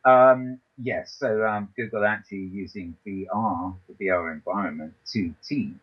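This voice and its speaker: A man's voice: on the low side, normal speed, breathy edge, lo-fi sound. A man hosting a talk show, reading a news roundup and hesitating often with ums and restarts, over a voice call from his computer. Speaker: podcast host.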